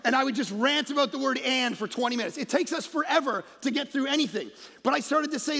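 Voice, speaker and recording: A man preaching a lively, joking sermon, telling stories and shouting punchlines. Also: very high voice, fast talker, vocal fry. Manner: animated storytelling, shouts punchlines, mocks accents softly. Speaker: pastor. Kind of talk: energetic comedic sermon. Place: large church auditorium. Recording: long hall reverb.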